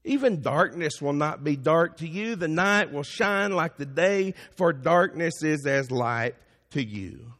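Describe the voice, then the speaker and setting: A man's voice: a little high, lively intonation, unhurried, few pauses, fairly bright tone. A man preaching a sermon as pastor, building to emphatic peaks. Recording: long hall reverb.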